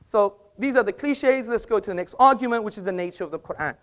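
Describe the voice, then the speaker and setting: A man with a high-sitting voice, lively intonation and quick pace makes an assertive speech at a live public debate in an auditorium. He quips at the audience and quotes from books.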